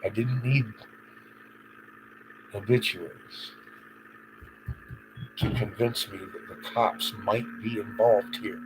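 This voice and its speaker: Slow, low-voiced agitated man livestreaming. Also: steady tone, noisy background. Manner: agitated, profane, rambling. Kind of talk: unscripted live-stream monologue.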